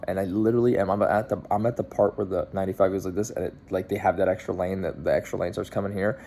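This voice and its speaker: A man's voice: fairly low pitch, fairly even intonation, quick pace, creaky, hardly any pauses, mellow, a little hiss or hum. A man in his thirties, a car dealer, telling a long story in a casual, rambling way with lots of fillers and restarts.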